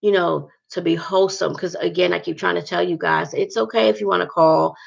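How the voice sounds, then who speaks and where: A woman's voice: lowish voice, fairly even intonation, fairly quick, vocal fry, husky, muffled recording. A woman vlogger talking earnestly to her viewers about faith, rambling and repeating herself.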